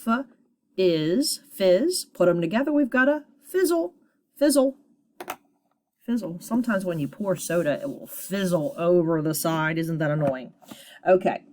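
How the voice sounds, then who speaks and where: Slow, patient woman teaching phonics. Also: on the low side, a little mellow. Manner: patient, encouraging, sounds words out slowly. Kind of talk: phonics lesson for children.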